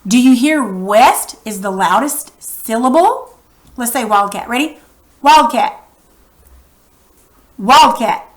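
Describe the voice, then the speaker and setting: A patient woman teaching a reading lesson in an unhurried, deliberate voice. Her voice sits a little high, and she keeps posing questions to her class. She sounds out each word slowly and clearly. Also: animated, rough recording.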